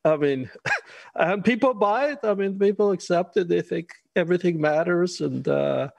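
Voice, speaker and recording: A man's voice: high voice, animated, normal speed, creaky, no echo. A middle-aged man from Iran, a guest chatting casually and laughing often, with wry asides. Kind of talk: casual interview conversation.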